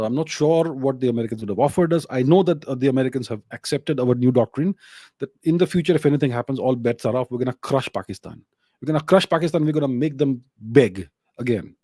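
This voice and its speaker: A man with an Indian English accent hosts a solo commentary show, answering viewer questions in an emphatic style packed with rhetorical questions. His medium-pitched voice is mellow, recorded in studio quality with no echo.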